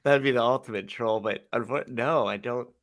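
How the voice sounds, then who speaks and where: A man's voice: medium pitch, normal speed, a bit bright. A man co-hosting a podcast in casual chat, agreeable and chiming in with short replies. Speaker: podcast co-host.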